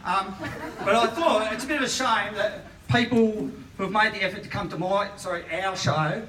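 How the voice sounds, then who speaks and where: Self-deprecating comic, late forties. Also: male voice, high voice, moderate pace, crowd noise. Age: late 40s. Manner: self-deprecating, often laughing mid-line. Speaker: stand-up comedian. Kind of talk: stand-up comedy set. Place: small live comedy venue. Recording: echoey, distant, noisy room recording.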